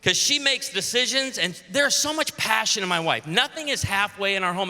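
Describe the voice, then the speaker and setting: A man's voice: high voice, lively intonation, normal speed, hardly any pauses, background noise. A man in his forties from Illinois, a pastor giving a humorous sermon at a conference, joking in a punchy way and calling out to the audience. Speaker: pastor speaking at a women's conference. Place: large convention hall. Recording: echoey convention hall with faint ambience.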